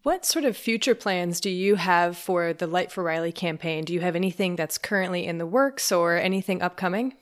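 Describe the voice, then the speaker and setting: A woman's voice: on the low side, a little fast, hardly any pauses. A woman co-hosting a podcast, chatting casually, bubbly and laughing often. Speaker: podcast co-host.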